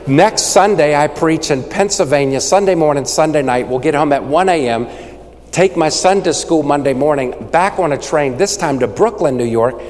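A man preaching a sermon, rattling off lists fast and calling for responses from the congregation. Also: fairly high pitch, darkish tone, long reverb tail. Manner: rapid-fire, call-and-response with the crowd. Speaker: evangelist preacher.

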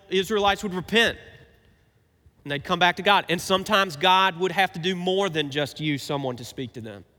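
Bright-voiced preacher in a big echoing hall. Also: male voice, on the high side. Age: 30s. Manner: animated preaching, swings from emphatic to quiet. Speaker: pastor. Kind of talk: sermon. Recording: reverberant hall.

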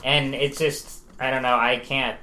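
A man's voice: mid-range voice, level tone, a little slow, over a noisy crowd, low-quality recording. A man on a podcast, chatting casually and agreeing often with the others. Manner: agreeable, frequent backchannels. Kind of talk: casual chat.

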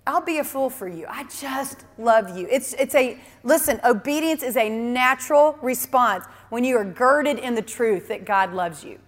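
A woman's voice: on the high side, big-room sound. A woman preaching a sermon in an earnest, emphatic way, often repeating key phrases.

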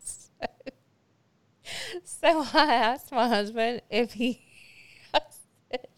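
A woman's voice: fairly high pitch, extremely slow, smooth, no echo. A woman co-hosting a casual chat, telling stories with lots of fillers and laughter. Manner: chatty storyteller, frequent fillers and laughter. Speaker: podcast co-host.

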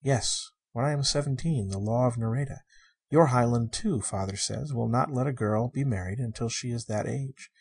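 A man reading the part of a shy, wondering sixteen-year-old girl, in a soft, earnest and innocent way. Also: medium pitch, normal speed, breathy edge. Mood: wistful.

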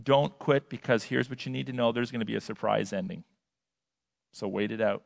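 A male pastor preaching a sermon, emphatic, swinging between loud and quiet and repeating words for effect. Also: mid-range voice, a little fast, creaky. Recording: long hall reverb.

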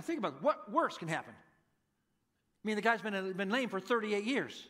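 A man's voice: sits high, expressive, normal speed, fairly bright tone. A man preaching a sermon as pastor, in a conversational way, acting out the people in the story. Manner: conversational, acts out quotes animatedly.

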